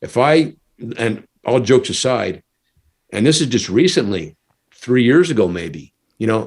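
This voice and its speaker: A middle-aged man from the United States tells a story in a relaxed, chatty way, with a fairly low voice. He laughs often and breaks into the voices of the people he quotes. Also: normal speed. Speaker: guest, former stuntman. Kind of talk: casual storytelling.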